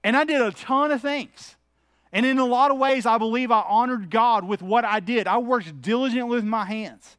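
A man's voice: extremely high pitch, normal speed, a bit bright, no echo, studio quality. A middle-aged man, preaching a sermon as pastor in a candid, conversational, anecdotal way.

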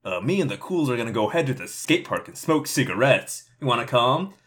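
A man's voice: medium pitch, sing-song, brisk, a bit bright, pitched above the performer's own voice. A man voicing a laid-back teenage skater boy coaxing a friend to cut loose. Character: young male teen slacker skater.

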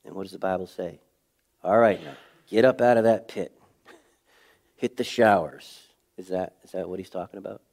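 A middle-aged man delivers a sermon in a fairly low voice. He talks to the congregation like a conversation, firing off rhetorical questions. He swings from loud, punchy emphasis down to near-hushed moments. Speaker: pastor.

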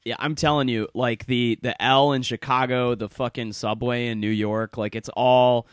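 A man co-hosting a podcast in casual chat, animated and profane, who slips into character voices as he talks. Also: medium pitch, normal speed, smooth, no room sound, studio quality. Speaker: podcast co-host.

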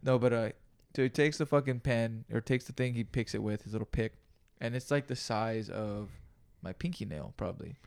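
A man co-hosting a podcast, telling a story in a casual, profane and animated way, acting out gasps and quoted lines. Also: mid-range voice, moderate pace, creaky, few pauses, smooth. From California. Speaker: podcast co-host.

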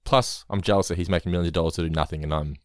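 Male co-host, fairly low, very dry sound, animated and sweary. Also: racing, dry recording. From Australia. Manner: animated, swears freely, acts out quotes. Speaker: podcast co-host. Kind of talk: casual chat.

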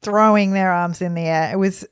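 A woman co-hosting a casual sports podcast, chatty and quick to laugh, often trailing off with fillers. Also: lowish voice, steady tone, clear, resonant tone. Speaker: podcast co-host.

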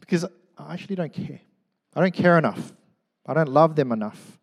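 Brief: middle-aged male pastor, a touch high-pitched, animated joking sermon, drops to quiet asides. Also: fairly quick, vocal fry, long reverb tail. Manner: animated, joking, swings from loud to hushed. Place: church.

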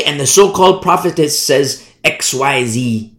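A man preaching a sermon, his voice sitting a little high and rising and falling a lot. He is tired and acts out the people he quotes. The room around him is echoey. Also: unhurried. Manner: animated, mimics the people he quotes. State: tired from no sleep.

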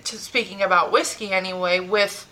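A woman's voice: medium pitch, fairly even intonation, pushed and bright, low-quality recording. A woman hosting a casual chat, asking questions and often restarting her sentences. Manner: inquisitive, quick restarts. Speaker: host.

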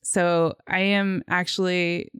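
A woman's voice: fairly low pitch, flat delivery, takes it slowly, clean tone, dry recording, clean studio sound. A woman co-hosting a movie podcast in casual chat, giggly and rambling with many fillers. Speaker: podcast co-host.

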